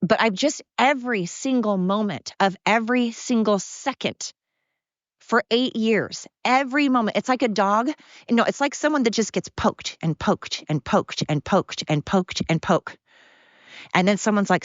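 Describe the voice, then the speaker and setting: A woman's voice: mid-range voice, expressive, normal speed, dry recording. Heated woman ranting into a dull mic. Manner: heated, sarcastic, repetitive and emphatic. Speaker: podcast host. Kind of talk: angry solo rant. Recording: dull lo-fi sound.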